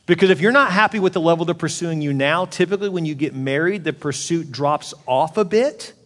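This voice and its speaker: A man in his forties preaching a sermon as a pastor, telling the story in an animated way and acting out the voices. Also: fairly high pitch, a little fast, in a large hall. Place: church auditorium.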